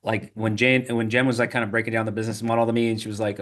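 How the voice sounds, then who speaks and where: A man, a podcast guest, telling animated stories in a casual interview, full of restarts and repeated "right?" tags. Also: on the low side. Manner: rapid, animated storytelling with frequent "right?" and filler restarts.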